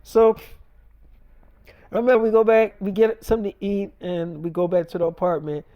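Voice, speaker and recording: A man's voice: high voice, flat delivery, normal speed, no echo, muffled recording. A man telling an improvised story as a rant, cursing constantly and repeating his threats. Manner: profane, repetitive, threatening.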